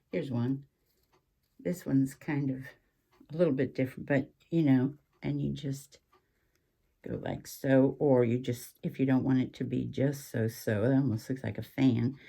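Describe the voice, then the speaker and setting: A woman hosting a relaxed craft show-and-tell, chatty and rambling, with frequent ums and asides. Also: very deep voice. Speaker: craft channel host.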